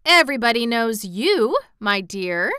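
A woman reading aloud and voicing a grand, gracious male fox king in a storybook, with a courtly, flattering manner. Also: a little high, unhurried, clear, resonant tone, dry recording, clean studio sound, pitched above the performer's own voice, full character voice.

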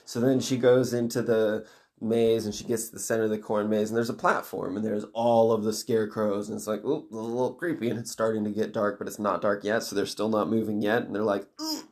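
A man's voice: lowish voice, level tone, fairly quick, a little mellow. A man casually recounting a tabletop game session, rambling, swearing and breaking off his own sentences. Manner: rambling, profane, self-interrupting. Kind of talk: casual storytelling.

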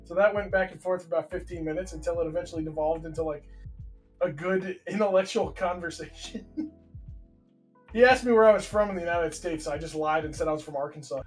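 High-voiced man rambling through a story. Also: quick pace, soft background music. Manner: rambling, full of "like", laughs through stories. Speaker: podcast host. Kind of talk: casual podcast storytelling.

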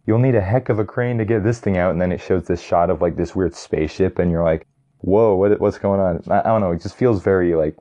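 A young man talks in a casual, rambling way, full of fillers and restarts, clearly enthusiastic about what he is ranking. His voice sits low and sounds mellow and relaxed. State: getting tired. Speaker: vlogger ranking movies. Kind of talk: casual chat.

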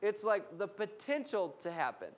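A man preaching a sermon with animated storytelling and casual fillers. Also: sits high, normal speed. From United States.

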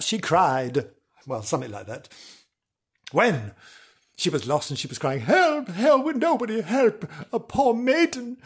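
Husky man telling a playful legend. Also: mid-range voice. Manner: theatrical, jokey asides, chuckles. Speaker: storyteller. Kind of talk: playful storytelling narration.

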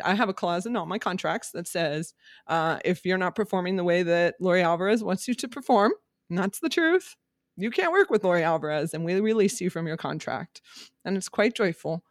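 A woman's voice: medium pitch, no room sound, studio quality. A woman real estate agent talking candidly in a podcast monologue, emphatic, direct and emotional.

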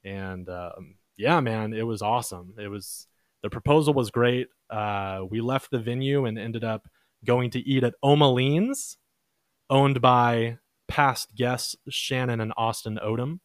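A young man hosting a podcast, casually telling a long story in a relaxed, chatty way and lifting his voice when he quotes others. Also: mid-range voice, unhurried, no room sound, studio quality. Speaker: podcast host.

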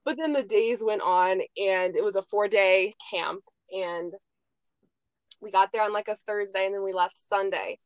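A woman's voice: mid-range voice, measured pace, dry recording. Chatty young woman telling a story. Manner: chatty storytelling, with frequent "like" and "I'm just like". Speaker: podcast host. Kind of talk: casual chat.

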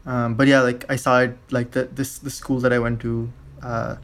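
A young man from India, a podcast guest, talking in a relaxed, halting way with many likes and restarts. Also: medium pitch. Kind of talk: casual conversation.

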